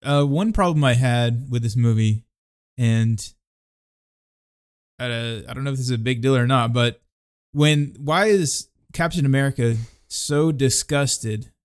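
A man co-hosting a film podcast, talking haltingly with many fillers. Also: mid-range voice, clean tone. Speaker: podcast co-host. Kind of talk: casual chat.

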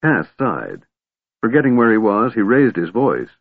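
A man reading a fantasy novel aloud in a measured, steady narration. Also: on the low side, slightly rough, no room sound. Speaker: audiobook narrator. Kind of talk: scripted narration. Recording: tinny phone-like band, dry.

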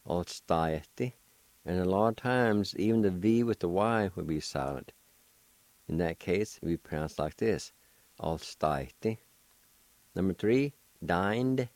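A man's voice: sits low, a little slow, pauses often, a little mellow, no echo, poor audio. A man teaching a language lesson, spelling out and pronouncing words one sound at a time in a patient, encouraging way. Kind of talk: slow spelling and pronunciation lesson.

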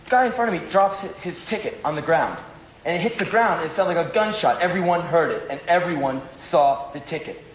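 A man's voice: fairly high pitch, brisk, echoey room, a little hiss or hum, low-quality recording. Profane, rambling stand-up comedian man.

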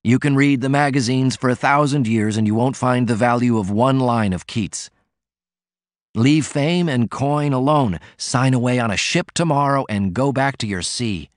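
A man's voice: medium pitch, moderate pace, dry recording, clean studio sound, lightly acted. A man voicing an ailing, sardonic male poet who speaks with scornful, passionate declamation.

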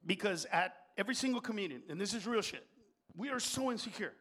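Man comic, very high voice, loud and foul-mouthed on a club stage, slips into Spanish slang. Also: animated, fast. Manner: profane, shouting, mixes in Spanish slang. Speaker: stand-up comedian. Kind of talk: live stand-up comedy.

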